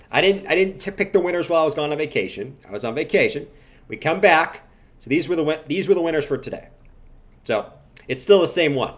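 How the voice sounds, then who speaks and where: Man, livestream host, slightly high voice, playful banter, loud chant bursts, casual chart talk.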